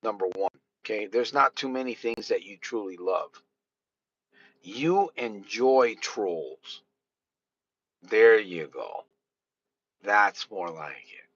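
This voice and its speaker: A man's voice: lowish voice, a bit bright. A man with a Connecticut accent hosting a live podcast stream, talking casually in a blunt, rambling way with frequent restarts. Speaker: podcast host. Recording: dull lo-fi sound with faint noise.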